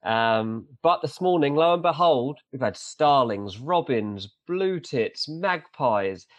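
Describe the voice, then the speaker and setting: A man in his thirties co-hosting a football podcast, animated and joking in casual chat. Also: medium pitch, takes it slowly, dry recording, muffled recording. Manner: animated storyteller, joking asides. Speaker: podcast co-host.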